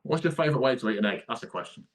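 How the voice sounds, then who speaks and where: A young man co-hosting a casual podcast, relaxed and easygoing, bantering with laughs. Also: medium pitch, rapid-fire. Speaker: podcast co-host. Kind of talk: casual chat.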